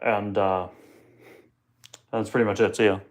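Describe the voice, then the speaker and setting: A man's voice: on the low side, flat delivery, a little slow. A young man hosting a casual live question-and-answer stream from home, joking and tripping over his words, talking into a phone on a tripod. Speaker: livestream host.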